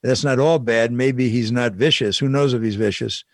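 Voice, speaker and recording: A man's voice: medium pitch, moderate pace, dry recording. An older man giving a casual, wry political commentary monologue, repeating his points and chuckling at the absurd bits. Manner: wry, repetitive, chuckling asides.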